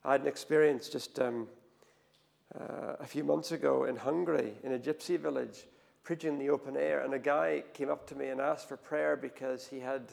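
A man preaching a sermon, telling the story with animated swings between hushed and loud delivery. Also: mid-range voice, vocal fry. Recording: long hall reverb.

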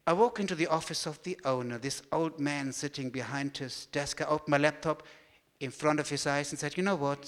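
A man with a German accent telling a story as he gives a talk, lively and animated. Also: fairly high pitch, in a large hall. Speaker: speaker giving a talk.

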